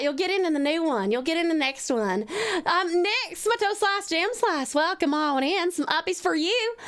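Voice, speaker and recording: A woman's voice: very high-pitched, a bit bright. Woman putting on a folksy Southern drawl. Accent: US Southern, put on. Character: cheery Southern-accented woman, the streamer's own persona. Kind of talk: live game stream commentary.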